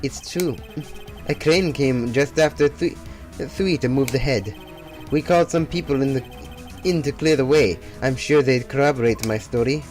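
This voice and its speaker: A man's voice: medium pitch, normal speed, a little mellow, soft background music, lightly acted. A man voicing a brusque middle-aged female TV producer, with terse, clipped lines and a loose attempt at an Italian accent.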